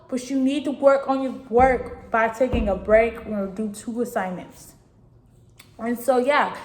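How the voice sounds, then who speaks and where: Earnest rambling young vlogger, roomy sound. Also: female voice, high-pitched. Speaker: vlogger giving advice. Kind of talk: casual spoken advice. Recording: echoey room.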